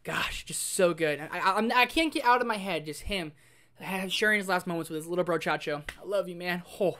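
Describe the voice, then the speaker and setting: A man giving a casual spoiler review of a show. He gushes excitedly, says "like" constantly, and swings from loud exclamations to hushed emotional asides. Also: sits high, brisk. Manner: excitable, gushing, heavy use of "like". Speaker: film review host.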